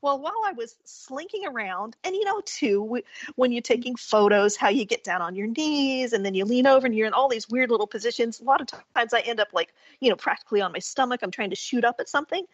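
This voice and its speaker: A woman guest on a talk radio show, telling a story in a casual, animated way. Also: a little high, quick pace, dry recording. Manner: animated storyteller who acts out quotes and laughs often. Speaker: guest folklorist and author. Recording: dull lo-fi radio-call sound.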